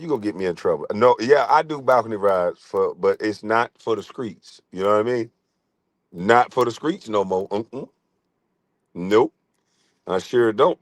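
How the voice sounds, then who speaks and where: A middle-aged man streaming a profane comic rant, crude, loud and laughing often. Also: medium pitch, dry recording.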